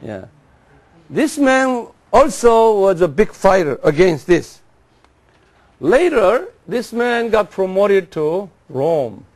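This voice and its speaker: A man giving a classroom lecture, repeating names slowly and having the class say them after him. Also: sits high, very animated. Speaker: Bible teacher.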